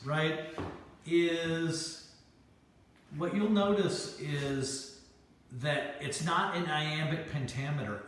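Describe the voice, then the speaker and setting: A man teaching a class, explaining step by step with many fillers and restarts and often checking in with "right?". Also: mid-range voice. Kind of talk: recorded class lecture. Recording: echoey room.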